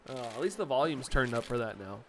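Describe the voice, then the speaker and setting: A man's voice: mid-range voice, sing-song, brisk, a bit bright, faint music behind. A young man live-streaming, chatting casually and laughing often as he reacts to viewer messages.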